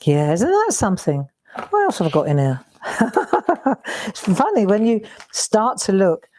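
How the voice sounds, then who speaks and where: A woman's voice: mid-range voice, wildly swooping pitch, unhurried, darkish tone. A middle-aged woman hosting a craft live stream, chatting and exclaiming as she looks through old keepsakes. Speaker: craft show host. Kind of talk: casual live-stream chat.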